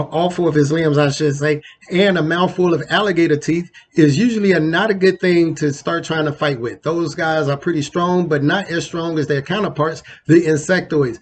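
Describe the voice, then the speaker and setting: A man hosting a casual countdown show, talking loosely and conversationally with lots of slang and asides. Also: a little high. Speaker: host. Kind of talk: casual ranking commentary.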